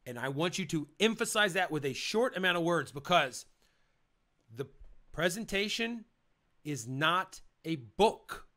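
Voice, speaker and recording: Delivering energetic instructions on presentations, a male coach speaks in a punchy, emphatic style and drives key points home through repetition. His voice is a little high, animated, and sharp in tone, at a measured pace.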